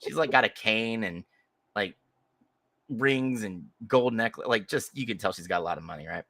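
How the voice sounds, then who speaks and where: Deep-voiced, profane storytelling podcaster. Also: male voice, normal speed, no room sound. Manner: rambling, profane, animated. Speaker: podcast co-host. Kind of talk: casual storytelling chat.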